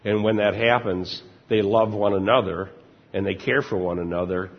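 An older man preaching a conversational sermon with a husky voice, informal and chuckling often. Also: fairly low pitch, fairly even intonation, moderate pace. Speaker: pastor. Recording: dull lo-fi recording, long church reverb.

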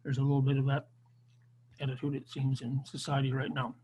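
A man's voice: medium pitch, monotone, brisk, mellow, slight background noise, low-quality recording. A man teaching an online Bible class, lecturing unscripted with frequent restarts and fillers over a video call.

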